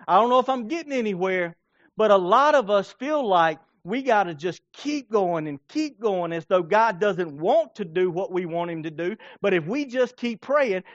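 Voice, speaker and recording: A man's voice: high-pitched, dry recording, highs cut off. A male pastor preaching a sermon, reading scripture and acting out stories with playful voices and laughter. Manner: animated, acts out scenes with playful voices and laughter.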